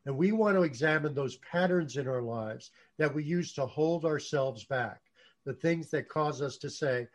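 Earnest man, slightly raised pitch, spiritual chat that sinks soft and low. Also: moderate pace. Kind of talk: conversational storytelling.

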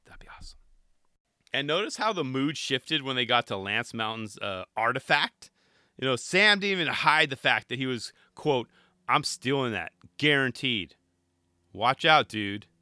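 A man's voice: mid-range voice, pushed and bright, no room sound, studio quality. A man giving casual, chatty reaction commentary, rambling along with joking asides.

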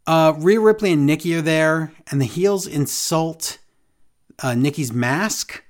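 A man's voice: on the high side, unhurried. A man co-hosting a podcast, recapping a show in casual chat, with sarcastic, exasperated asides. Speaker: podcast co-host.

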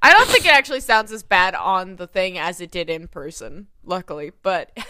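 A woman's voice: fairly low pitch, a little fast, dry recording, clean studio sound. A young woman with a Southern American accent co-hosting a podcast, chatting expressively and giggling. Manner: expressive, giggly, acts out moments vocally. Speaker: podcast co-host. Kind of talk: casual chat. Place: home studio, close mic.

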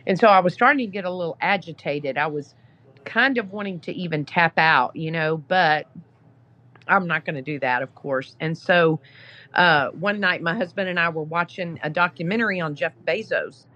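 The podcast guest, a woman who founded an app, tells a story conversationally with plenty of "you know" fillers. Her fairly low voice is bright and forceful at a moderate pace, captured in lo-fi sound.

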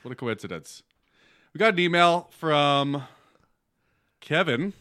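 A man's voice: on the high side, expressive, a little slow. A man co-hosting a podcast, joking crudely and swearing, laughing often. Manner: loud, profane, laughs often. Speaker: podcast co-host. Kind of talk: crude comedic banter.

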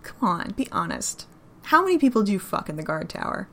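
A woman's voice: mid-range voice, very animated, a little fast, a bit bright, slight background noise. A woman voicing a sweet but cheeky young Southern woman who teases playfully. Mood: teasing.

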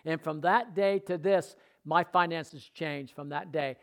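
A man's voice: a little high, a little slow, vocal fry, few pauses. A man preaching a sermon, telling his own testimony earnestly, repeating phrases for emphasis and dropping his voice for asides.

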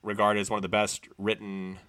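A man's voice: fairly low pitch, completely flat delivery, brisk, bright, forceful tone. A man co-hosting a casual movie chat, talking in a loose, rambling way. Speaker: podcast co-host.

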